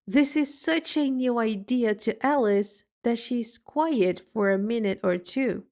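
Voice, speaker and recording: A woman reading a storybook aloud for English learners in a clear, deliberate way. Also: on the high side, a little mellow. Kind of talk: slow read-aloud storybook narration.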